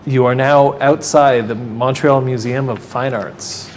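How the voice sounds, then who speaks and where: A man running a tabletop role-playing game as game master, narrating in a casual way with the odd curse. His voice sits at a middle pitch. Faint room noise sits behind him. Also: fairly even intonation, measured pace. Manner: casual, swearing, descriptive narration.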